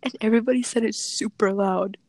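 A teenage girl chatting casually and telling a story, animated and giggly, laughing often. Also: fairly high pitch, fairly quick, no room sound. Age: teens. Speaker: podcast co-host.

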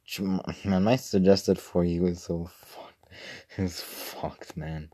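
A man's voice: sits low, steady tone, slow pace, dark tone. A young man rambling casually and profanely on a livestream, with mumbled asides. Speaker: streamer.

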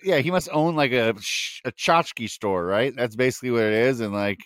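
A man's voice: medium pitch, moderate pace, fairly bright tone, no room sound, studio quality. A man co-hosting a podcast in casual chat, laid-back and agreeable. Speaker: podcast co-host.

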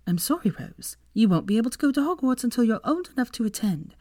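A woman's voice: fairly high pitch, sing-song, quick pace, a little mellow, no echo, studio quality, pitched above the performer's own voice. A woman voicing a spirited, defiant young witch in an audiobook reading, with an emphatic delivery. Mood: gentle.

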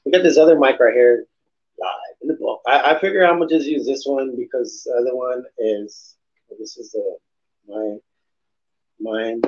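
A man's voice: medium pitch, normal speed, darkish tone. A male host chats loosely through a morning podcast, drifting between topics with slang and swearing. He is recorded in a room at home, and the sound is dull and lo-fi. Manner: rambling and laid-back, peppered with slang and swearing. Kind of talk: casual morning show chat.

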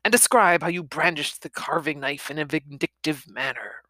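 A woman's voice: low voice, normal speed, bright, forceful tone, dry recording. A woman reading a cheeky young nephew. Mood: teasing.

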